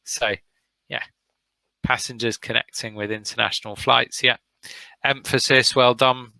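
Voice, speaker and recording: British male teacher, slow and encouraging, bright voice, dry sound. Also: medium pitch, steady tone, vocal fry, clear, resonant tone, no echo, poor audio. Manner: encouraging, praises students by name. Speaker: English teacher. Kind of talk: online vocabulary lesson.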